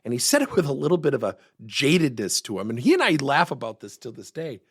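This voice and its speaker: Lively storytelling male podcast host. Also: mid-range voice, fast talker, husky, dry recording, clean studio sound. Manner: animated storytelling. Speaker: podcast host and workplace coach. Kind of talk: podcast monologue.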